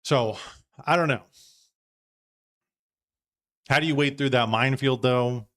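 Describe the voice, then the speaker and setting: A man's voice: medium pitch, a little slow, a bit bright. A man hosting a live podcast, thinking aloud in a casual, rambling way with frequent restarts. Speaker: podcast host. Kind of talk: casual live-stream commentary.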